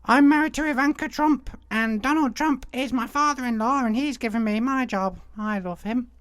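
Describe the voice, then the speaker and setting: Guy doing a squeaky prissy sing-song impression of some young political dude. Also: moderate pace, fairly bright tone, clean tone, dry recording. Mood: mocking.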